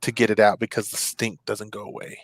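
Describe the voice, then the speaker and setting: A man's voice: fairly low pitch, level tone, fairly quick, no room sound. A man hosting a casual chat show, telling a story animatedly and acting out his own reactions. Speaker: show host.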